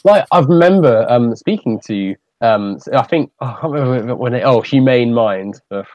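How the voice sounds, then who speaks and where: A man's voice: mid-range voice, animated, moderate pace, a little mellow, dry recording. British man rambling on a dull, dry voice chat. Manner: rambling, many fillers and restarts. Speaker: stream host. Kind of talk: casual group voice chat.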